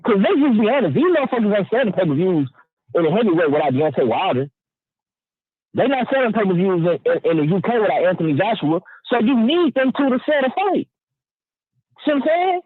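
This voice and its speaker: Fired-up high-voiced man on a phone line. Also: very animated, brisk, dry recording. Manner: emphatic, profane, stammering restarts, keeps asking "you know what I'm saying". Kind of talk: heated opinion rant. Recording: dry tinny phone line.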